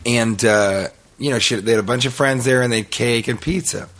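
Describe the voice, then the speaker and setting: A man's voice: medium pitch, brisk. Rambling man telling a story. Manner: rambling, animated storytelling with laughs. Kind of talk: casual podcast chat.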